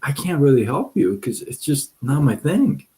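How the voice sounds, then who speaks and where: A man's voice: fairly high pitch, big pitch swings, normal speed, warm tone, voice pushed up. Man voicing a dismissive sheep, puzzled, brushing it off.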